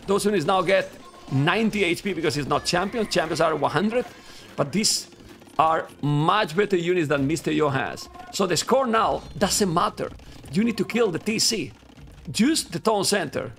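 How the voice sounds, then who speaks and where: Excitable Spanish-accented male game caster. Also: high-pitched. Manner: excitable, talks to viewers as guys, bursts into yelling at players. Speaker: esports caster. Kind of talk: live game commentary.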